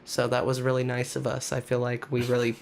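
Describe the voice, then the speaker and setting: A sick man with a nasal voice co-hosting a casual podcast, joking in a dry, deadpan way. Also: mid-range voice, brisk, gravelly, slight background noise. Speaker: podcast co-host.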